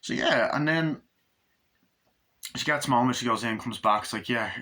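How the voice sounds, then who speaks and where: A man casually reviewing a film, rambling and acting out the characters' lines in quick little voices, swearing freely. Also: mid-range voice, pushed and bright. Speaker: movie reviewer.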